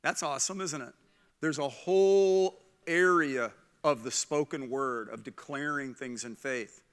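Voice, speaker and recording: A middle-aged man preaching a sermon as pastor, animated and acting out the voices of people in his stories. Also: medium pitch, measured pace, smooth.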